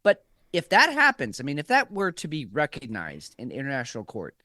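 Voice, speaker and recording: A man's voice: a little high, huge pitch swings, brisk, bright, forceful tone, no room sound, studio quality. A man co-hosting a casual political chat, rambling and profane, with frequent restarts. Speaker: podcast co-host.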